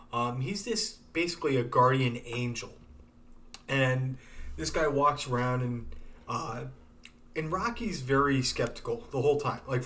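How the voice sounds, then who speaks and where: A man's voice: medium pitch, distant mic. A man hosting a podcast, retelling a TV episode in a loose, profane way with many fillers. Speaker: podcast host. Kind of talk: casual chat.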